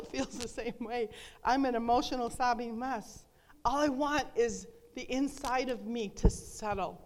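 A middle-aged woman giving an earnest, emotional devotional talk to a women's gathering. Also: fairly high pitch. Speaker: women's ministry speaker. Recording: long reverb hall.

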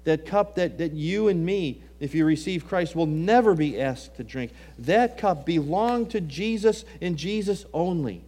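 A man preaching a sermon, swinging between hushed, low passages and raised, emphatic ones, and quoting scripture in old-fashioned wording. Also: expressive, measured pace, few pauses.

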